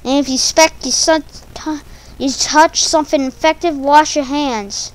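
A woman with a high voice talks in an unhurried, meandering way. She stumbles over her words as she goes. Her delivery is playful and silly, like a casual monologue made for her own channel. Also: steady tone, rough recording. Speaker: video creator.

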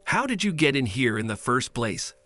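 A man voicing a protective, stern mother who speaks in a sharp, scolding way. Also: mid-range voice, very animated, moderate pace, faint music behind.

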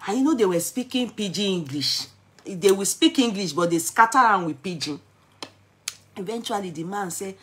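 A middle-aged woman with a Nigerian accent telling a story in a vlog, mixing Pidgin with English and rising into dramatic, excited exclamations. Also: mid-range voice, moderate pace. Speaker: vlogger.

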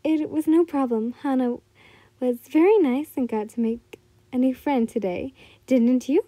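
A friendly, cheerful young woman who tends to sea animals, as read aloud by a woman in a fan story. The voice is high and soft-toned, recorded dry and close. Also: unhurried, no room sound.

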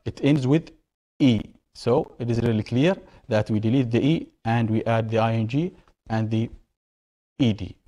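Mellow-voiced man teaching grammar. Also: mid-range voice. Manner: asks questions and answers them himself, repeating key words. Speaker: English teacher. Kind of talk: televised grammar lesson.

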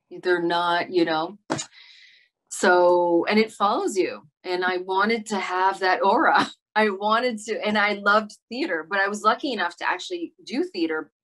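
A middle-aged woman with a slightly low voice speaks thoughtfully in a casual interview. She often hesitates, leans on fillers and starts her sentences over. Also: a bit bright. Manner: reflective, hesitant with many fillers and restarts. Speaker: actress guest.

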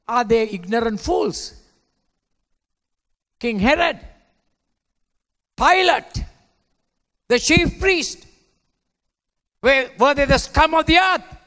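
A man preaching a sermon as a pastor, swinging between hushed lines and shouted ones. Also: extremely high pitch, lively intonation, takes it slowly, pauses often. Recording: long hall reverb.

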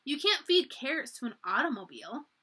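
A woman's voice: sits high, sing-song, fairly quick, bright, forceful tone, husky, exaggerated voice. A woman voicing an earnest, spirited young girl in a storybook reading. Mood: teasing.

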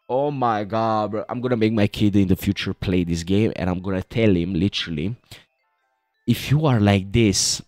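A man's voice: lowish voice, moderate pace, a little mellow, dry recording, clean studio sound, faint music behind. A young man joking his way through a horror game playthrough, chatting and calling everyone "bro". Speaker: gaming video host.

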